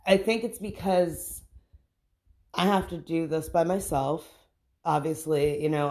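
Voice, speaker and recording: A woman's voice: fairly low pitch, a little mellow. A young adult woman venting to her audience in a casual, frustrated rant, swearing and restarting her sentences. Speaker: vlogger.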